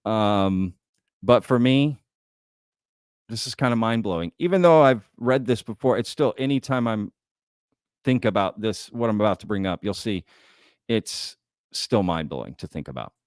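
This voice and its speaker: A man's voice: fairly low pitch, expressive, normal speed, long pauses, clear, resonant tone, no echo, clean studio sound. Casual man hosting a live stream. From Texas. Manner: casual, chatty, folksy with "y'all". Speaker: host. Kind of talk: live-stream news commentary.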